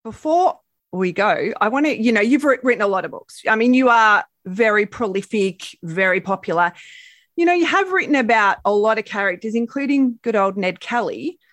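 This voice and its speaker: A woman's voice: a little high, animated, normal speed, a bit bright, no room sound. A woman hosting an interview podcast, asking questions in a curious, conversational way. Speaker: podcast host.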